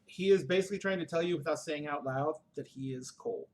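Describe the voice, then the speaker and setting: A man narrating a tabletop game as dungeon master, halting and hedging with many restarts. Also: on the high side.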